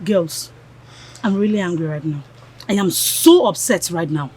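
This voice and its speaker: A woman's voice: lowish voice, animated, a little slow, a little mellow, faint music behind. An actress playing a spiteful, scheming young village woman who talks with scorn and insults. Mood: indignant. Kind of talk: Nollywood film acting.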